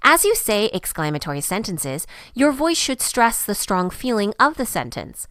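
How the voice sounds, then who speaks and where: Female narrator for a scripted lesson, animated intonation, dry booth sound. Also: mid-range voice, normal speed, dry recording. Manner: clear, even teaching delivery.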